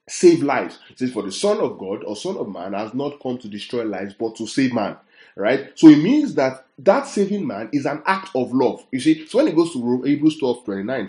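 Male preacher, mellow tone, slow scripture reading, roomy echo. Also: mid-range voice. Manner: rhetorical questions to the congregation; reads scripture aloud slowly. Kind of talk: sermon.

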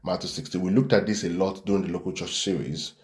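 A man's voice: low voice, fairly even intonation, fast, reverberant. A man preaching a Bible-study sermon to a church class, reading scripture aloud and repeatedly checking in with "right?".

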